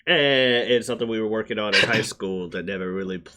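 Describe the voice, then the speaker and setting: Animated storytelling man, lowish voice. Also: fast talker. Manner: animated storyteller, laughing between bits. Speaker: podcast co-host. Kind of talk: casual podcast chat.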